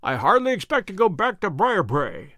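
A man reading Sherlock Holmes, crisp and commanding. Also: sits high, big pitch swings, normal speed, fairly bright tone, no room sound. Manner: crisp, authoritative. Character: sharp, commanding detective.

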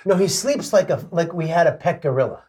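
A man's voice: a little high, expressive, a little fast, darkish tone. A man who is a podcast guest, telling stories in casual chat in a blunt, self-deprecating way, with some swearing.

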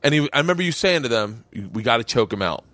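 A man hosting a podcast, telling a rambling, profane, animated story with many restarts in casual chat. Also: mid-range voice, fast talker, no room sound. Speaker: podcast host.

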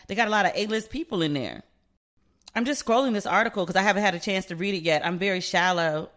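A woman's voice: medium pitch, a bit bright. A woman hosting her own podcast as a relationship expert, chatting candidly, gossiping and swearing freely. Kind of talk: solo gossip podcast chat.

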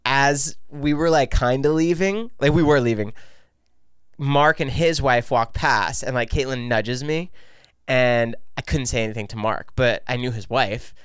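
A man co-hosting a podcast, telling a long animated story in casual chat, full of "like" asides. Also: mid-range voice, unhurried, smooth, no room sound, clean studio sound. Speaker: podcast co-host.

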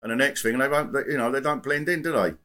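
A man's voice: medium pitch, fast talker, sharp tone, voice pushed up, lightly acted. A man doing a grumbling bigoted phone-in caller. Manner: rambling, muddled, grumbling. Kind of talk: improvised comic role-play.

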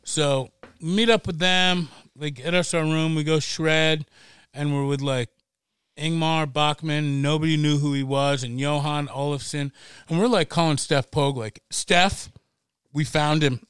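A middle-aged man, a podcast guest, telling a wild story in a casual, animated way, swearing freely and laughing as he goes. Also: a little high, unhurried, smooth, no echo.

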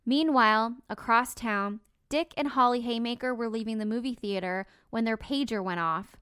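A woman's voice: a little high, moderate pace, fairly bright tone, clear, resonant tone, dry recording, clean studio sound. A woman hosting a podcast, narrating a true crime story conversationally with personal asides. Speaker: podcast host.

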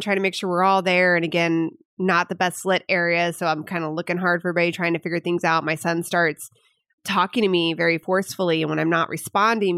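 A woman's voice: fairly low pitch, a bit bright, dry recording. A woman co-hosting a casual podcast, enthusiastic and supportive as she chats. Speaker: podcast co-host. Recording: dry close recording.

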